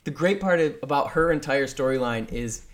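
A man co-hosts a casual podcast with a slightly higher voice than most men. He rants in an animated, profane way and swears freely. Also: moderate pace. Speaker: podcast co-host. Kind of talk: casual chat.

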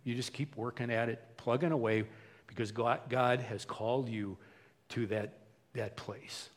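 A man's voice: medium pitch, steady tone, unhurried, big-room sound. A male pastor preaching a folksy, conversational sermon full of repetition.

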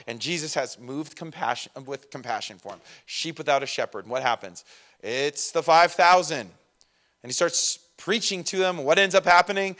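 Animated casual-talking male preacher. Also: a little high. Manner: animated, acts out voices of disciples and Jesus. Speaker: pastor. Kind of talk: sermon.

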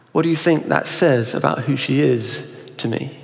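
Young preacher in a reverberant hall. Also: male voice, on the high side, moderate pace, vocal fry. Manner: conversational, asks the audience questions. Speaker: pastor. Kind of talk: sermon.

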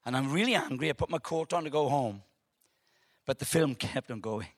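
A man preaching a testimony sermon, telling his story with animated, halting repeats and dropping softly into an invitation to pray. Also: mid-range voice, no room sound, clean studio sound.

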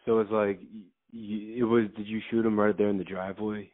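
A man's voice: on the low side, flat delivery, fairly quick, dry recording. A man interviewing, asking short probing questions with hesitant restarts. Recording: tinny phone line.

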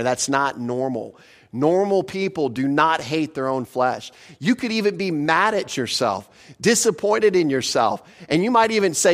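A male pastor preaching a sermon in a conversational way, asking his listeners questions and slowing down to stress scripture. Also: mid-range voice. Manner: slows for emphasis on scripture.

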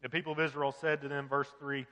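A man's voice: mid-range voice, flat delivery, quick pace, bright, forceful tone, in a large hall, muffled recording. A man preaching a sermon as pastor, earnest and full of rhetorical questions.

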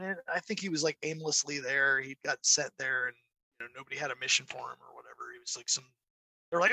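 A man's voice: fairly high pitch, fast, vocal fry, sharp tone, no echo. A man co-hosting a podcast in casual chat, telling stories with many restarts and asides. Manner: rambling storyteller with restarts. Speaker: podcast co-host.

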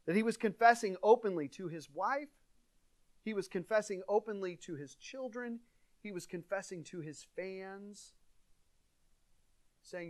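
A man's voice: high-pitched, measured pace, long pauses, no room sound. A male pastor delivering an earnest, conversational sermon, his volume swelling and dropping for emphasis. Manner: earnest, conversational preaching with dynamic swings in volume.

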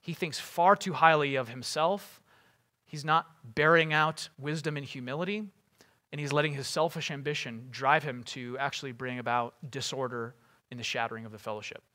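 Bright, casual-toned man preaching. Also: medium pitch, moderate pace. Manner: casual asides with many fillers. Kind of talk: sermon.

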